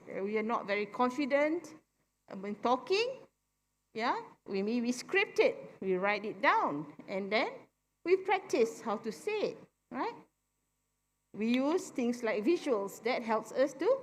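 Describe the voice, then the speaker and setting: A woman with a Malaysian English accent speaking at a live forum, often ending her points with "right?" in an animated teaching tone. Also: on the high side. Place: convention centre forum stage.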